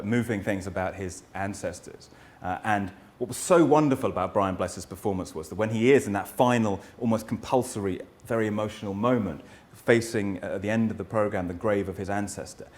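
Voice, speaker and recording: A middle-aged man giving an academic lecture as a historian, earnest and thoughtful, posing rhetorical questions and often pausing to restart his sentences. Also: on the low side. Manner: frequent hesitations and restarts.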